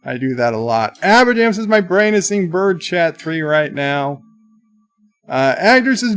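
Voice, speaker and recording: A man hosting a livestream, reading viewer chat comments aloud in a chatty, halting way. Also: fairly high pitch, very animated, fairly bright tone. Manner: chatty, halting, with many restarts. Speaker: livestream host.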